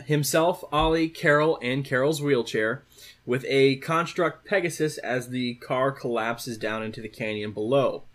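A male podcast host retells a comic book plot in a relaxed, conversational way. His voice sits at a middling pitch, and his delivery is loose and easygoing. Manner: loose retelling with fillers and restarts. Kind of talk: casual comic book recap.

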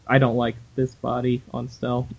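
A man's voice: mid-range voice, completely flat delivery, unhurried, creaky, breathy edge, muffled recording. A man co-hosting a casual comic book podcast, joking and laughing often as he talks. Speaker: podcast co-host.

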